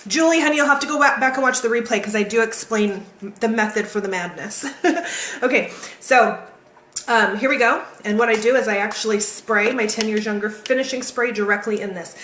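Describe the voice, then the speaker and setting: A woman hosting a live makeup tutorial, chatty and energetic, talking straight to her viewers. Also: medium pitch, fairly quick, reverberant, slight background noise. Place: home, in California.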